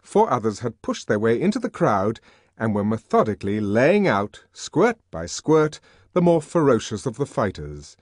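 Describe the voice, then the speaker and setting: A man narrating an audiobook with a dramatic, expressive reading. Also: medium pitch, moderate pace, dry recording, studio quality. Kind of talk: scripted narration.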